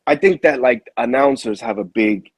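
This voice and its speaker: A boxing manager tells his story in loose, slangy talk and keeps restarting his sentences. His voice is husky. The sound is close and dry. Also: mid-range voice, moderate pace, no echo, poor audio. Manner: animated storyteller, heavy slang, frequent restarts. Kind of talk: casual interview storytelling.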